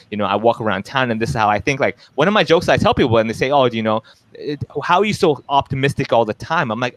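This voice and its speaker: A man's voice: medium pitch, dry recording. A man from Hong Kong, a stand-up comedian, chatting casually in an interview and acting out voices in his stories. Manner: animated storyteller, acts out quoted voices.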